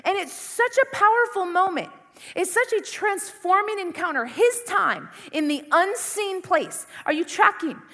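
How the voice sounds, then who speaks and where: A woman's voice: extremely high pitch, sharp tone, big-room sound. A woman preaching to a youth crowd, passionate and conversational, with lots of repetition. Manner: impassioned, conversational, full of repetition. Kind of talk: sermon.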